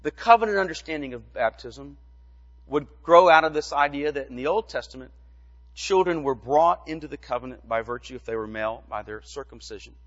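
A male pastor giving a measured teaching sermon, asking rhetorical questions as he explains. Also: medium pitch, lively intonation, fairly bright tone, in a large hall, highs cut off.

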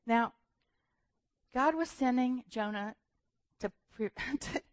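A woman preaching a sermon, telling a story with lively, acted-out voices and a laugh now and then. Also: fairly high pitch, slow, no room sound.

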